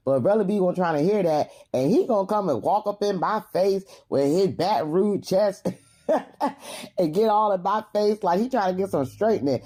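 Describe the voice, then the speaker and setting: A woman recapping a reality show episode in a casual, slangy, animated vlog with frequent laughs. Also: fairly low pitch. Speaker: reality TV reviewer.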